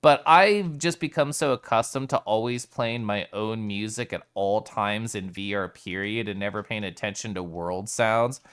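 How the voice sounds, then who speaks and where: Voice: medium pitch, normal speed, hardly any pauses, a bit bright, clear, resonant tone. A live streamer chatting casually with viewers in a playful way, laughing often and greeting viewers by name.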